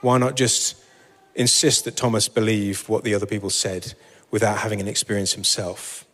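A man giving a sermon and reading scripture, relaxed and self-deprecating, with frequent fillers. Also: fairly low pitch, moderate pace, big-room sound. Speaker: preacher.

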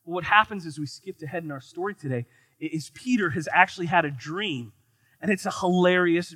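A man from the United States preaching a sermon in an animated, joking, conversational way. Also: high voice, no echo. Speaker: pastor.

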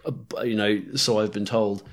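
A man's voice: fairly low pitch, steady tone, moderate pace. A man in his forties from New Zealand, with an accent mixing Kiwi, British, South African and Canadian, chatting as a guest in a rambling way with many fillers. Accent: mixed New Zealand, British, South African and Canadian. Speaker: guest, firearms instructor. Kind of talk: casual interview chat.

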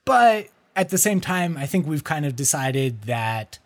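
A man's voice: fairly high pitch, very animated, unhurried. A man co-hosting a podcast in casual chat, speaking thoughtfully and hedging his points. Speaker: podcast co-host.

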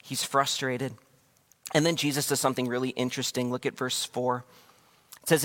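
A man's voice: mid-range voice, fairly even intonation, moderate pace, a bit bright. A man preaching a sermon as pastor, talking conversationally and acting out the scriptures. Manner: conversational, acts out quotes.

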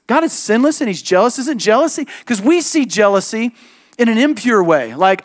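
A man who is a pastor, preaching a sermon and telling a personal story with animated, emphatic delivery and quick switches into other people's voices. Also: very high-pitched.

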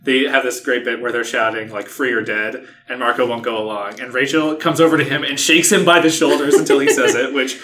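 A man in casual book discussion, relaxed and a little hesitant. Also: medium pitch, fairly quick, hardly any pauses.

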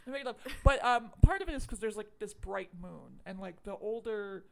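Podcast co-host, woman, mid pitch with a gravelly, fry-heavy edge, rambling and animated. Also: normal speed. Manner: rambling and animated, lots of fillers, swears. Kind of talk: casual chat recapping a film.

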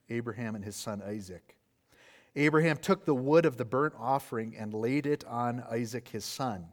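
A man preaching an expository sermon, explaining the text earnestly and asking rhetorical questions. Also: medium pitch.

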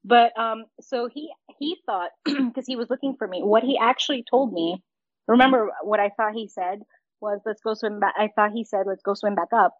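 A woman's voice: fairly high pitch, normal speed, no echo, lo-fi sound. A woman co-hosting a casual podcast, telling a story with frequent laughs and acting out the lines she quotes.

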